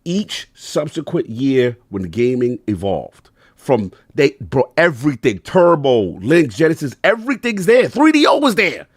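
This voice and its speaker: A man's voice: medium pitch, a little slow, slightly rough, no room sound, studio quality. A man hosting a casual gaming podcast, telling stories with lots of laughter. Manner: animated storyteller, laughs often. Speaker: podcast host.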